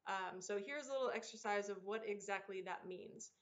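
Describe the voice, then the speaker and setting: A woman teaching an online drum lesson, explaining patterns in a relaxed, encouraging way and counting aloud. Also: medium pitch, moderate pace. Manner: counts aloud and vocalizes rhythms over drumming. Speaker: percussion teacher. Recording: dull lo-fi sound with loud drumming behind. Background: loud percussion.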